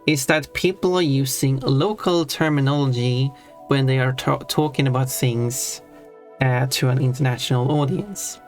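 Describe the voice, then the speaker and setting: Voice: mid-range voice, steady tone, normal speed, faint music behind. Rambling streamer. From Sweden. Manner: rambling, restarts often, laughs at own points. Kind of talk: casual live-stream chat.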